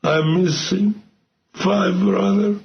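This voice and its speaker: An older man with an Iranian accent talks in slow, broken English, high-pitched and gravelly. He lurches from tearful pleading to furious ranting. The sound is a dull, lo-fi broadcast with faint hiss. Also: fairly even intonation, roomy sound. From Iran. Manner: broken English, swings between tearful and yelling rants. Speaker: guest wrestler. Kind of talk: ranting radio interview.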